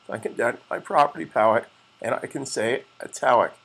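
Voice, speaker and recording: A man's voice: mid-range voice, brisk, creaky, fairly bright tone, husky. A man teaching web page design in a screencast tutorial, often repeating and restating terms and calling viewers guys.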